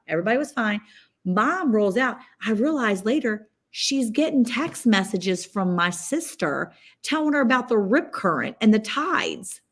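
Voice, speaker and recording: A woman's voice: medium pitch, expressive, normal speed. A woman with a Southern US accent, co-hosting a casual chat over a video call and telling stories with drawling quoted asides. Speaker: co-host.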